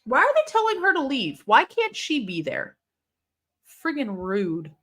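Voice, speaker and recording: A young woman hosting a live watch-along stream, reacting aloud to a match with excitable, swearing commentary. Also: high voice, measured pace. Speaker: livestream host.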